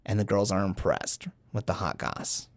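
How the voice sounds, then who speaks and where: A man's voice: on the low side, normal speed, no room sound. A man co-hosting a podcast, casually recapping cartoon episodes and acting out the characters' lines. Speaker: podcast co-host.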